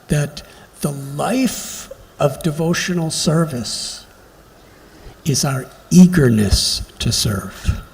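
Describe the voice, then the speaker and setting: A man giving a devotional lecture, telling stories slowly and reflectively with emphatic pauses. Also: on the high side, lively intonation, creaky. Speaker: spiritual lecturer. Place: temple hall during a pilgrimage. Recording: long hall reverb, faint background noise.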